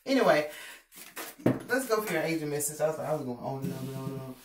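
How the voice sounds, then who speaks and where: A woman giving a casual tarot reading, animated and emphatic, with plenty of profanity. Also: sits low, very fast. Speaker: tarot reader. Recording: roomy, distant mic, faint noise.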